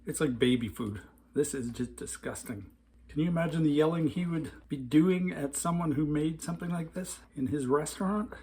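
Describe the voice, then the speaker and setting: A man's voice: on the high side, normal speed, a little mellow, a little hiss or hum. A man from North America giving a casual food review at home in his kitchen, blunt and openly disgusted.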